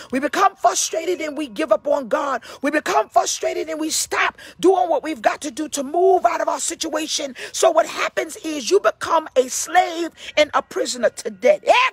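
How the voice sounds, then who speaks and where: A woman pastor preaching an impassioned sermon in a husky voice, at times bursting into shouts. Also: high voice, no room sound. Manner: impassioned, calls listeners baby, bursts into shouts. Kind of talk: fiery sermon.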